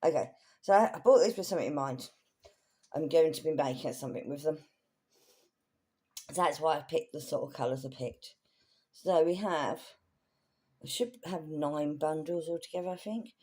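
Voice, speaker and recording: A woman's voice: low-pitched, moderate pace, pauses often, a little mellow. A woman chatting casually through a thrift haul in a rambling, self-correcting way. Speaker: craft vlogger.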